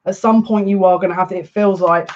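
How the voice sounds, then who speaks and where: Male card reader for a live reading: high-pitched, jokey and chatty, dull lo-fi sound. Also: steady tone, quick pace, a little mellow, slight background noise. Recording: muffled lo-fi audio.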